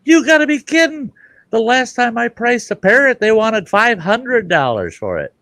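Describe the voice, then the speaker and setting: Brief: gruff, scolding pet owner, low voice, lively delivery, done by a male storyteller. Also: moderate pace, no echo, heavily acted. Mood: incredulous. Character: exasperated middle-aged man who buys a parrot.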